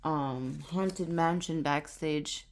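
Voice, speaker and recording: A woman filming a casual vlog on her phone at home, excitable and gushing, laughing often as she talks. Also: low-pitched, extremely slow, slight background noise. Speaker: vlogger. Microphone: phone camera on tripod.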